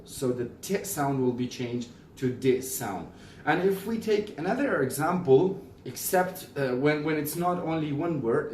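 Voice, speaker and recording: A man teaching pronunciation in a casual video lesson, explaining slowly and repeating example words. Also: mid-range voice, a little mellow, a little hiss or hum. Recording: roomy echo, mic at a distance.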